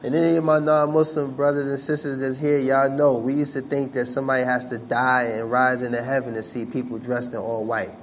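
Addressing an audience, a man tells a humorous story conversationally, full of fillers, animatedly acting out other people's voices. His mid-range voice moves fairly quickly with few pauses, over slight background noise.

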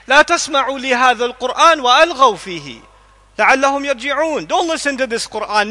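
A man giving a lively religious lecture on the Quran to a live audience, quizzing the listeners and acting out little scenes as he goes. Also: very high voice.

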